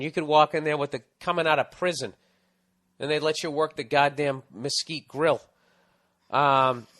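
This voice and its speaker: A middle-aged man with a Boston accent hosts an advice podcast, reading listener mail in a profane, ranting storytelling style. His voice is a little high, bright and forceful.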